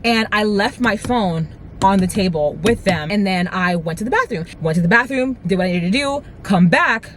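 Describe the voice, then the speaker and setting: A young adult vlogger telling a story at speed, rambling with constant "like" and "right?", animated and swearing freely. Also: mid-range voice, slight background noise. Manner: fast, rambling retelling full of "like" and "right?". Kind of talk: storytime vlog.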